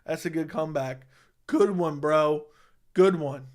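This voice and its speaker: A man's voice: fairly high pitch, moderate pace. A young man hosting a casual livestream, answering chat with crude, mocking trash talk and frequent laughter. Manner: laughs often. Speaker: livestream host.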